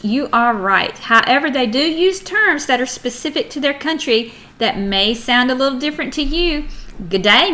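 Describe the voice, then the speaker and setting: A woman with an American accent takes children through a geography lesson, reading aloud and stopping to chat. Her voice sits a little high and has a clear, bright edge. She keeps asking the kids questions as she goes. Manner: chatty, reads aloud, asks children questions. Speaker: teacher.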